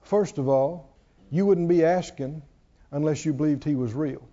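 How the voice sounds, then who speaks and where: At a moderate pace, a man with a fairly high, mellow voice gives a sermon. He puts questions to his congregation again and again in call-and-response style, and the church recording sounds dull and lo-fi.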